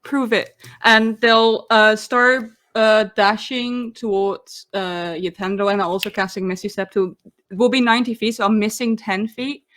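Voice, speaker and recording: A woman's voice: medium pitch, unhurried, fairly bright tone, no room sound, clean studio sound. A woman playing a tabletop game, hesitant and thinking aloud. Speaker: player.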